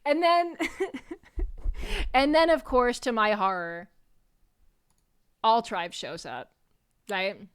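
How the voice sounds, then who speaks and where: A young adult woman streamer telling a story in a casual, animated way, with frequent swearing and rambling asides. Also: on the high side, drawn-out words, pauses often, clean tone. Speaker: VTuber streamer.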